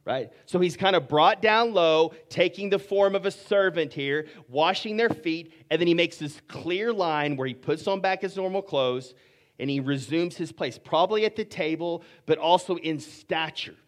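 A man's voice: a little high, normal speed. A man preaching a sermon, reading scripture and explaining it in an earnest way, often repeating words as he goes. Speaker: pastor.

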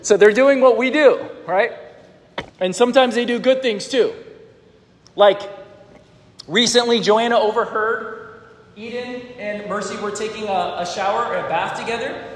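A man with a high-pitched voice preaches in a reverberant hall. He keeps the sermon conversational and often puts questions to his listeners. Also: a little slow, pauses often, a little hiss or hum. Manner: conversational, asks the congregation questions. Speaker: pastor.

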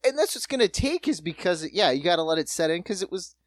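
A relaxed co-host at a middling pitch, chiming in with quick agreement during a loose political chat. The voice is recorded close and dry, with no room sound. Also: dry recording.

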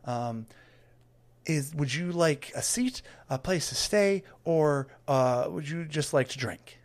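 Small flustered male greeter, high and stammering, voiced by a man. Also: lively intonation, takes it slowly. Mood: nervous. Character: small anxious young male tavern greeter.

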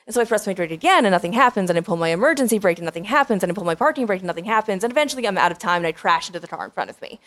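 Woman telling a comic story. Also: mid-range voice. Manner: lively, self-deprecating, dramatic pauses. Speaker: comedian and storyteller.

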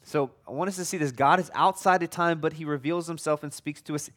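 Conversational preacher man, slightly higher voice. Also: brisk, a bit bright. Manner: conversational, repeats and restarts words, jokey asides. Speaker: pastor. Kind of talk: sermon.

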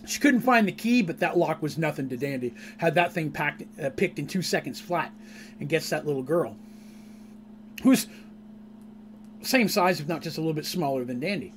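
A man, the game master, recounting a tabletop session in a casual, rambling, animated way. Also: fairly high pitch, normal speed, a little hiss or hum. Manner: animated, rambling, laughs at his own story.

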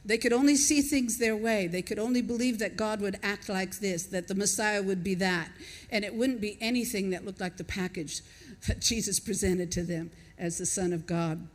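Speaking at a moderate pace with a medium pitch, a woman preaches in an easy, conversational manner; she resides in Australia though she isn't Australian. Reflective throughout, she muses aloud, asks the congregation questions, and lets out chuckles between points.

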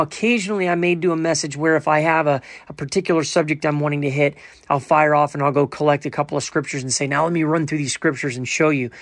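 A man's voice: a little high, no room sound, clean studio sound. A man giving an emphatic sermon monologue, full of rhetorical asides and quoted scripture. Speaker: preacher.

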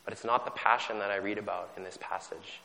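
A man's voice: on the low side, fairly even intonation, fast, gravelly, bright, forceful tone. A man from Canada preaching a sermon in a conversational, self-deprecating way, often restarting his sentences. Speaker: pastor. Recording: long hall reverb.

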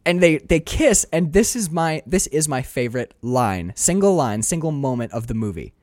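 A man talking through a film in a casual podcast chat with a lively, swooping voice that jumps high whenever he acts out lines of dialogue. His pitch sits a bit higher than most men's. The recording is dry and close. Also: normal speed, dry recording. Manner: animated, acts out quoted dialogue with big pitch swings, swears casually. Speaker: podcast co-host discussing a film.

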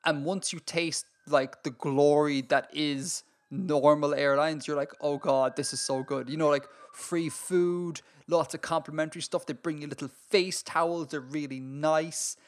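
An Irish man co-hosting a podcast in casual chat, talking in an animated, ranting way and laughing often. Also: fairly high pitch, a little slow, hardly any pauses. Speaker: podcast co-host.

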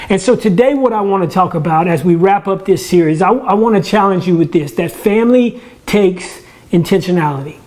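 His voice sits high with a darkish tone: a man leading a church ministry, preaching informally from his house. He keeps things conversational, restarts words often and cracks self-deprecating jokes.

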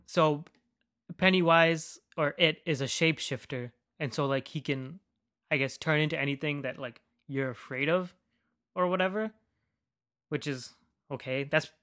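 A man's voice: a little high, fairly bright tone, dry recording, clean studio sound. A man hosting a podcast in a casual, rambling rant, swearing freely and filling his speech with "like.". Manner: rambling, profane, heavy use of "like". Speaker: podcast host.

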